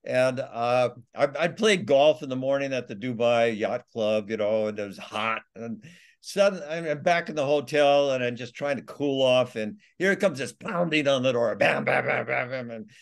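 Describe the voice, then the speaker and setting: A man tells a long personal story as a podcast guest, stumbling over his words and laughing between phrases. His voice sits at an ordinary middle pitch. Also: vocal fry. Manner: halting, many restarts and laughs, acts out quotes. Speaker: author and guest. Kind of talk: casual storytelling interview.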